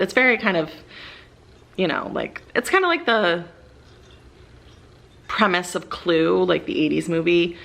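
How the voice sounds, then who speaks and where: A woman's voice: on the low side, sing-song, unhurried, gravelly, pauses often, fairly bright tone. A young woman casually rambling about her favorite books as a book vlogger, with many fillers and eager bursts.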